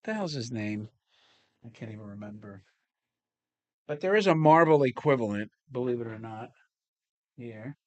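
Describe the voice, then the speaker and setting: A man's voice: mid-range voice, animated, normal speed, long pauses, darkish tone, no room sound. A man hosting a casual unboxing chat, rambling and swearing casually as he talks. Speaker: toy collector host.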